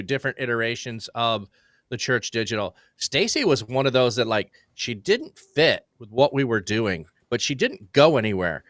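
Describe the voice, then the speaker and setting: A man's voice: mid-range voice, fairly bright tone, no room sound, clean studio sound. A man co-hosting a church livestream, talking enthusiastically in casual chat, rambling and full of "like". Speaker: livestream co-host. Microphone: livestream setup.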